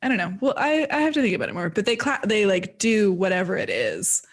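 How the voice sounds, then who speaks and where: A woman's voice: mid-range voice, big pitch swings, quick pace. A woman playing a tabletop game, thinking aloud with many fillers. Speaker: player. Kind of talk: casual chat at a tabletop game.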